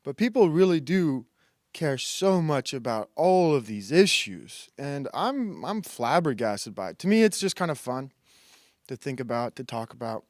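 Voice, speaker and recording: A man's voice: medium pitch, sing-song, measured pace, no echo, studio quality. A man hosting a comedy commentary show, ranting in a crude, sarcastic and rambling way, laughing and putting on mock voices. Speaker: host.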